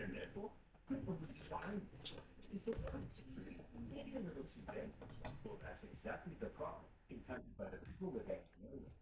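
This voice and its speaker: A man narrating comic history in a wry, mock-dramatic way. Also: high-pitched. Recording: echoey, distant, very noisy.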